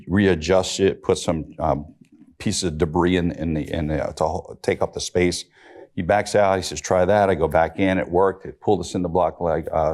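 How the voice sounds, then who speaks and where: A middle-aged man with a very deep, low voice tells a rescue story on a discussion panel. He is matter-of-fact and plain, with dry humor. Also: a little mellow. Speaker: rescue police officer, panelist.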